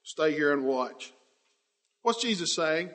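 A male preacher with a notably high voice delivers an impassioned sermon. He swings from ringing declarations to hushed, drawn-out phrases. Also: lively intonation.

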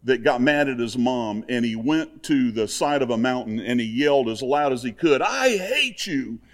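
A man's voice: medium pitch, steady tone, normal speed. An older man preaching an earnest, conversational sermon that keeps returning to the same plain exhortations.

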